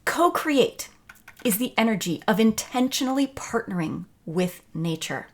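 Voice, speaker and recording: A woman's voice: a little high, lively intonation, a little slow. A woman teaching a video lesson on creativity, talking in an enthusiastic, conversational way. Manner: enthusiastic, conversational, acts out quotes.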